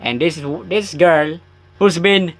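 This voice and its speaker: A man giving jokey, excitable let's play commentary, yelping at scares. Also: fairly high pitch, slow pace, loud music behind the voice. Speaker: gaming YouTuber.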